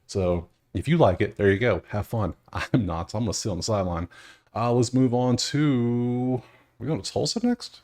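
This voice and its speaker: A man's voice: mid-range voice, normal speed, a little mellow. A man hosting a sports betting video, chatting casually to himself as he scrolls through stats, with wry, exasperated asides. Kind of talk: casual solo commentary over stats.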